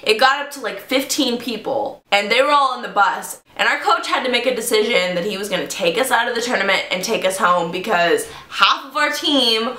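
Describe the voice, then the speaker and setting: A woman tells a story to the camera with lots of drama and animation. Her voice sits a little high and sounds bright and forceful. The recording has the echo of a bare room. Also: expressive, a little fast, hardly any pauses. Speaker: vlogger. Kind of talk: storytime vlog. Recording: echoey room.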